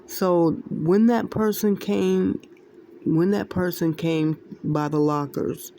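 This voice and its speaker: A woman's voice: on the low side, steady tone, slow pace, mellow, slight background noise. A woman casually sharing a spiritual dream with her viewers, rambling, repeating herself and laughing often. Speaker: Christian video creator sharing dreams.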